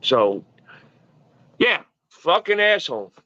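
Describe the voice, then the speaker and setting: A man in his early forties tells stories with a slightly high pitch, swearing freely and tripping over repeated words. The audio is dull and lo-fi, and the sound is dry. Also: very animated, slow pace, pushed and bright, no room sound. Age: early 40s. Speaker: guest. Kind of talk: casual podcast chat.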